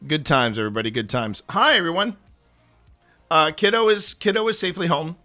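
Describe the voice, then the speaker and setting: Rambling, chatty host with a bright voice. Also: male voice, on the high side, animated, a little fast, soft background music. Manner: rambling, self-mocking, many restarts. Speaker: paranormal investigation host. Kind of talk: casual chat.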